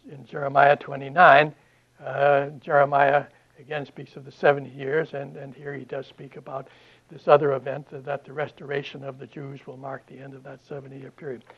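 A man giving a classroom Bible lecture, halting often with fillers and restarts. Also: mid-range voice, gravelly, husky. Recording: dull lo-fi lecture recording.

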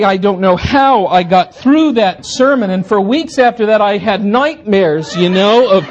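A man preaching a sermon, telling a story with animated, self-deprecating humor. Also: high voice, normal speed, hardly any pauses.

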